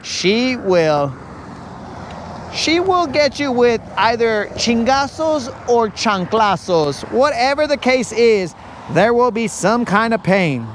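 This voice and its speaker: Streaming live while fishing on a lake, this young man rambles and cracks jokes as he tells stories in casual chat. He speaks slowly in a very high voice with big swings in pitch, over a faint hiss or hum.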